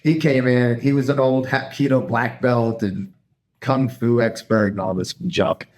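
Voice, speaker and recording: A middle-aged man, a martial arts instructor co-hosting a podcast, telling stories in a loose, animated way, acting out the quotes and dropping "man" and "dude". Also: mid-range voice, measured pace, roomy sound. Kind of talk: casual chat.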